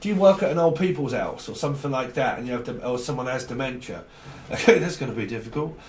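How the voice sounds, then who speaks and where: A man's voice: mid-range voice, expressive, fast, far from the mic. Rambling man in an echoey room. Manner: rambling, slangy, acts out little exchanges in different voices. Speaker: tarot reader. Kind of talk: casual unscripted tarot reading to camera.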